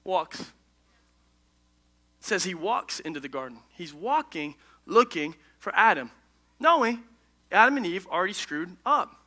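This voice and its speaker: High-voiced guy preaching, super bright tone, chatty and jokey. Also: unhurried, long pauses. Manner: energetic, conversational, jokey. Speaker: pastor. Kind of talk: sermon. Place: church stage.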